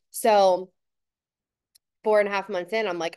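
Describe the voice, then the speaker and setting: Woman, 30s, from New Jersey, chatty host, rambling asides, smooth voice, video call. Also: on the low side, unhurried, darkish tone. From New Jersey, USA. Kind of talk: casual personal introduction. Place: home.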